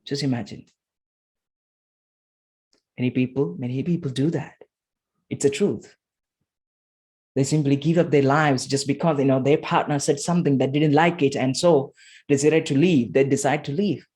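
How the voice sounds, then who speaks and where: A man giving a motivational talk with a short guided exercise, emphatic and repetitive, slowing to soft guiding tones. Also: mid-range voice. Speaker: motivational speaker.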